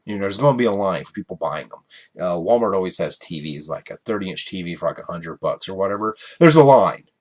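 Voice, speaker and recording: A man's voice: low voice, fast. A man hosting a casual solo podcast, rambling and chuckling through his stories with many fillers. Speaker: podcast host.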